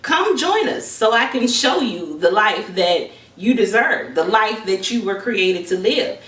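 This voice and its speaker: A woman's voice: medium pitch, animated, a little slow, a bit bright, voice pushed up. A woman voicing a wise older eagle who urges and encourages, in a raised, persuasive voice, recorded with a roomy echo from a distance. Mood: urging. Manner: urgent, uplifting persuasion.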